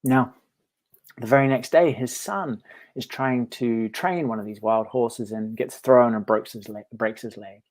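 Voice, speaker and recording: A meditation teacher talking casually to camera, telling a parable in a friendly, reflective way with frequent chuckles. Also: male voice, mid-range voice, unhurried, darkish tone. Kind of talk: casual storytelling vlog.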